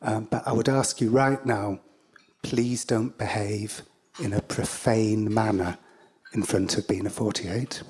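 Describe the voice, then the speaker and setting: A man's voice: lowish voice, steady tone, a little slow, darkish tone, slight background noise, lightly acted. An English-accented man voicing an earnest, fussy male caretaker who makes polite, formal requests.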